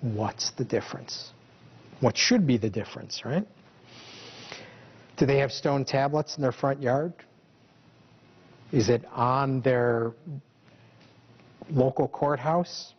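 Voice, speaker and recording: A man's voice: medium pitch, slow pace, long pauses, husky, muffled recording. A male preacher giving a conversational sermon to his congregation, full of rhetorical questions. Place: church hall.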